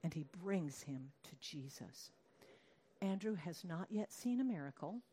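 A woman's voice: on the low side, lively intonation, unhurried, mellow, slightly rough. A woman preaching a conversational sermon, asking her listeners questions and acting out quoted lines in a raised voice.

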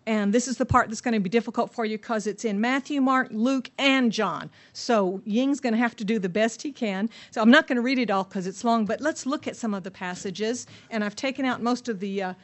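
A woman teaching a Bible passage to a group, telling the story in a lively way and asking her listeners questions. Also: fairly high pitch, brisk, few pauses. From United States.

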